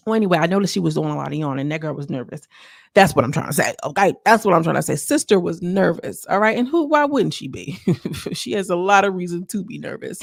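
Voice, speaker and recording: A woman's voice: on the low side, expressive, quick pace, vocal fry. A woman recapping a reality show in casual chat, acting out quotes with slang. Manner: chatty, acts out quotes with slang.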